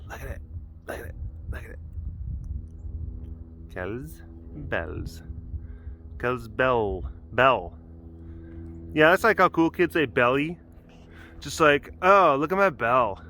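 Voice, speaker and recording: A man's voice: mid-range voice, lively intonation, slow pace, pauses often, bright, forceful tone, a little hiss or hum. A man hosting a casual vlog at an outdoor animal compound, chatting playfully and cooing baby talk at the cats. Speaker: host.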